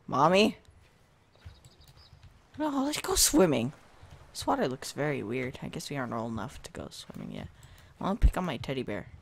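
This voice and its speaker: A gaming video host giving casual let's-play commentary into a desk microphone at a home setup, chatting to viewers and reacting out loud to jump scares. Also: mid-range voice, huge pitch swings, fast talker, creaky, slight background noise. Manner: talks to the viewers and to himself while playing.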